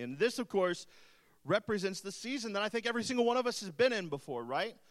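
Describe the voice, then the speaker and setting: High-voiced man preaching with playful asides. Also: expressive, quick pace. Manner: playful, joking asides to the audience. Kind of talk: sermon to a live congregation. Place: church hall with an audience.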